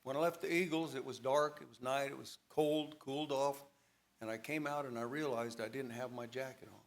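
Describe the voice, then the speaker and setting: A man's voice: medium pitch, steady tone, a little fast. A man telling his personal testimony at a church service, dramatic storytelling with a voice that rises and falls with emotion. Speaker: church member giving testimony.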